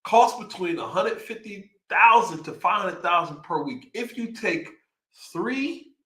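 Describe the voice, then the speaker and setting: A young man with a Texan accent chats excitedly on a livestream, his voice bright and a little high. He reads out figures and riffs on them with hype. The sound is echoey, like a bare room. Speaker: livestream host. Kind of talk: casual livestream chat.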